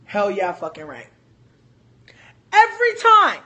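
A woman telling a story on a casual livestream, animated, joking and profane. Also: a little high, moderate pace. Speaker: livestream host.

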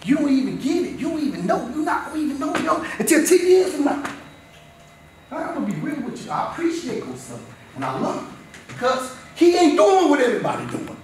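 A man, a former player, giving a passionate and repetitive motivational speech straight to a high school football team. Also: big pitch swings, a little fast, darkish tone, slight background noise. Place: school locker room. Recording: echoey room, picked up from a distance.

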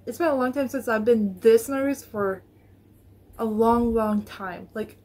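A woman's voice: a little high, steady tone, unhurried, a little mellow. A woman vlogger chatting to viewers in a casual reaction video, nervous and rambling, recorded on her phone.

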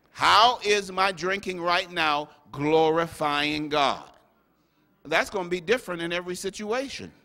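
A man preaches a lively, joking sermon as a bishop, his voice bright and pitched a little high. It rings out with a long reverb, like a big sanctuary heard through a stage mic. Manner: animated, humorous preaching with playful asides and acted-out quotes. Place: large church sanctuary. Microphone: stage microphone.

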